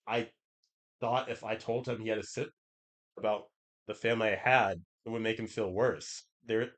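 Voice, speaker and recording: A man's voice: fairly low pitch, steady tone, normal speed, a bit bright, lightly acted. A man quoting an apologetic, earnest woman. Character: worried, apologetic adult woman.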